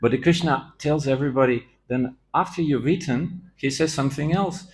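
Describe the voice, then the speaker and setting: Man, temple scripture class, animated telling, quotes acted out, mid-pitched voice. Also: moderate pace, hardly any pauses. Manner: animated storytelling that acts out quoted lines with rising voice.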